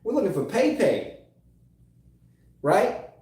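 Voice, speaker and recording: A male sales coach delivers an emphatic, repetitive lesson in a mellow, fairly high voice. His words ring out in a very echoey room. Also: huge pitch swings, slow pace. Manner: emphatic, repeats key phrases, drawls words for stress.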